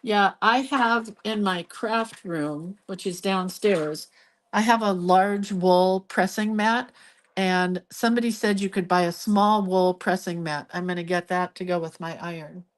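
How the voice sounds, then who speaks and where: A woman hosting a drawing livestream from her living room, talking in an unhurried, drawn-out way. She rambles from one aside to the next as she reminisces, keeping it loose and chatty as she works. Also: fairly low pitch. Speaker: hand-lettering livestream host. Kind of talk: casual chat while drawing. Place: cluttered living room, home.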